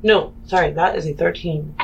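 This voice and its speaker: A woman playing in a tabletop game, chatting casually and quickly correcting herself. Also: fairly low pitch, highs cut off, background noise. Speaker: player.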